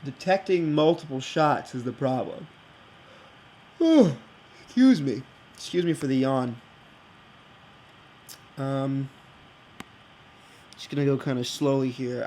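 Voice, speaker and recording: A man thinking out loud while building in a block game, rambling and hesitant, with many fillers and restarts. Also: mid-range voice, fairly even intonation, moderate pace, long pauses, slight background noise, poor audio. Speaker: game video creator. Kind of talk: casual think-aloud game commentary.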